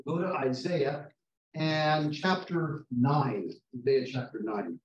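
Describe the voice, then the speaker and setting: A man leading an interactive Bible study, reading scripture slowly and putting questions to his class. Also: medium pitch, highs cut off. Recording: roomy, distant mic, faint noise.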